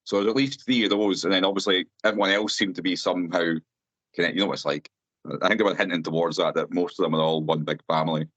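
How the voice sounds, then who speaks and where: A man's voice: sits low, steady tone, fast talker, a bit bright, dry recording. A Scottish man co-hosting a podcast, giving blunt, sweary opinions in casual movie chat. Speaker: podcast co-host. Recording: dull, dry lo-fi mic.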